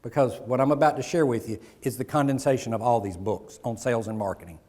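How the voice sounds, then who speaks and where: A man's voice: medium pitch, quick pace. A middle-aged man giving a motivational keynote, telling stories and acting out dialogue with the audience on stage. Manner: animated, acts out dialogue with audience. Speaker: keynote speaker. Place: large conference hall on stage. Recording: live hall with long reverb.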